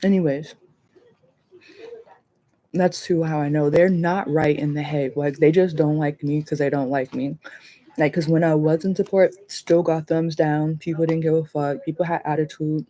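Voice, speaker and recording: Woman, livestream host, casual rambling chat, mellow warm tone, swears and laughs a lot. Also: deep voice, moderate pace. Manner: rambling, animated, swears freely, laughs often.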